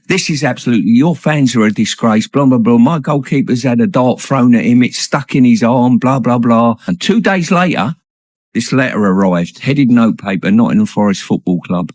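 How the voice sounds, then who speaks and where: A man with an English accent telling a football anecdote in a steady, dry way, chuckling at the punchline. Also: mid-range voice, normal speed, no echo. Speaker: former footballer telling stories. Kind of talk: casual anecdote.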